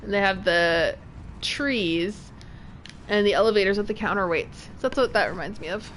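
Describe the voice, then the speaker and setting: A woman's voice: medium pitch, normal speed, fairly bright tone, slight background noise. A woman streamer chatting casually while playing a video game at home and talking to her cat. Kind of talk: casual gameplay commentary. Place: home room.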